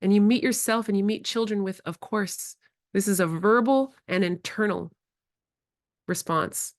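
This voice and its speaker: Animated woman workshop presenter. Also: mid-range voice, measured pace, no echo, studio quality. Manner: animated, acts out conversations with children. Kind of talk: workshop lecture. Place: in-person workshop.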